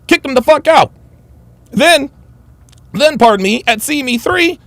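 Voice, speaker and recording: A man's voice: very high-pitched, sing-song, a little fast, gravelly, a bit bright, no room sound. A man hosting a livestream, reading super chats and ranting bluntly with heavy swearing. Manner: blunt, combative, swears heavily. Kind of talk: profane livestream rant.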